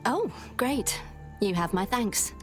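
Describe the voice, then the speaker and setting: A woman's voice: fairly high pitch, big pitch swings, takes it slowly. An actress playing a gracious, courteous female sect member who offers healing remedies. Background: game music.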